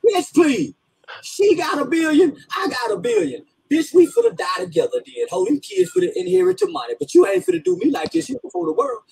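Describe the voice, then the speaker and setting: High, gravelly ranting man. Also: sing-song, brisk, crowd noise, poor audio. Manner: rants, laughing as he talks. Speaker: commentator in a played clip. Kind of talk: profane comic rant.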